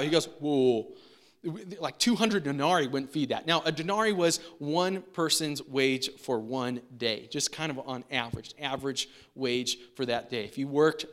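A man's voice: on the high side, fairly bright tone. A man preaching a sermon in a casual, chatty way, often asking "right?". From United States. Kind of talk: conversational sermon.

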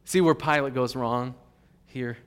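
A male pastor preaching a sermon in an animated, emphatic way. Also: medium pitch, unhurried, clean tone. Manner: animated, emphatic, with fillers and restarts. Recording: long hall reverb.

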